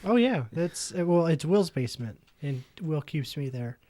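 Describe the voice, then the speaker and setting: A man's voice: on the high side, lively intonation, normal speed, dark tone. A man hosting a podcast from a home basement studio, explaining things hesitantly with many ums and restarts. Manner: hesitant, filler-heavy explainer. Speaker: podcast host. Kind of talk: casual chat.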